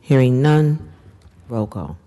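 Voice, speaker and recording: A woman mayor chairing a city council meeting, announcing votes in a brisk procedural manner with casual asides. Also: very deep voice, animated, mellow.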